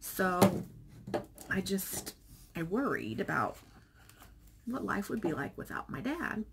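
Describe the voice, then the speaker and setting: Heavy background noise surrounds a middle-aged woman as she talks on her personal vlog in a slow, creaky voice of medium pitch. She shares a family story openly and emotionally, voicing the dialogue in animated fashion.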